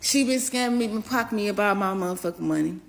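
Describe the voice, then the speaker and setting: A young woman telling a personal story in a casual storytime video, animated and profane, swinging between loud outbursts and low mutters. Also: fast, vocal fry. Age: young adult.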